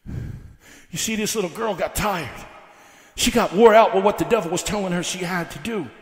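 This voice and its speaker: A man's voice: high-pitched, normal speed. A male evangelist preaching a fiery revival sermon, breaking his lines with "uh" and building by repeating the same questions. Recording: echoey hall.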